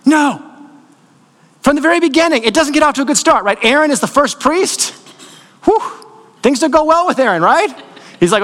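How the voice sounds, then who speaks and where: Pastor, male, very high-pitched, chatty preaching that keeps checking in with the congregation. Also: lively intonation, brisk, a bit bright. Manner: conversational, checks in with listeners, dramatizes stories. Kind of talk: sermon. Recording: long reverb of a large hall.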